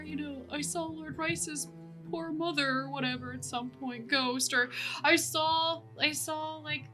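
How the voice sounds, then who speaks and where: A woman's voice: a little high, close to an everyday voice. A woman voicing a cocky, drunken young male guard who brags and leers. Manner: boastful, leering. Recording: faint fantasy music behind.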